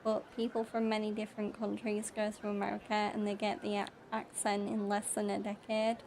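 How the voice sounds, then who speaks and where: A woman's voice: medium pitch, completely flat delivery, a little fast, a little mellow, a little hiss or hum. Chatty British woman streaming games. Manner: chatty, laughs often, reads chat aloud. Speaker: gaming streamer. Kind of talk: casual gameplay commentary.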